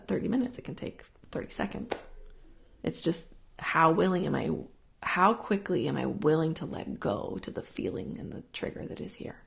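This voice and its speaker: A woman talks in an earnest, rambling way on a live stream, looping back over her points and repeating words. Her voice has a gravelly, fry-tinged edge at an ordinary pitch. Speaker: host answering viewer questions. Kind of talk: casual spiritual talk, live stream.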